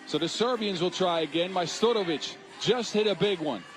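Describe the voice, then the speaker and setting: A man giving live play-by-play basketball commentary, getting excited and shouting at the big moments. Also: high voice, normal speed. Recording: music playing loud behind the voice. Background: arena music.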